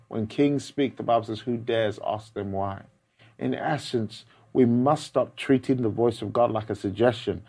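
A man preaching a sermon, fervent and emphatic, repeating key words for effect and moving between loud passages and quiet, measured ones. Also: fairly low pitch.

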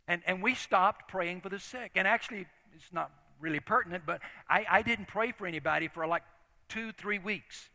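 Older man, sermon storytelling, earnest, halting restarts, long hall reverb. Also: high-pitched, creaky, sharp tone. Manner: conversational, earnest, frequent restarts. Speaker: preacher.

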